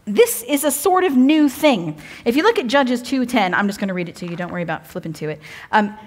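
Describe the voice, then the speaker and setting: A woman's voice: a little high, lively intonation, fairly quick. A woman giving a sermon as a guest preacher, chatty and humorous, often breaking off to restart or joke. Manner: chatty, humorous, self-interrupting. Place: church evening service.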